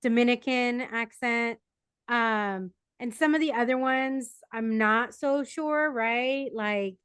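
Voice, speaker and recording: A woman from San Diego with a fairly high voice hosts a relaxed podcast chat. She asks curious questions and laughs along easily, recorded dry and close with no room echo. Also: slow pace, smooth. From San Diego, United States. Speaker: podcast host. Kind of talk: casual interview chat.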